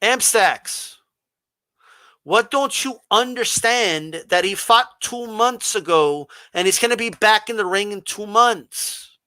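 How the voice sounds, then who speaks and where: Speaking slowly in a high-sitting voice with no echo, a man runs a boxing livestream and reads the chat aloud. He responds in a confrontational, combative way, posing pointed rhetorical questions and parodying a flat monotone.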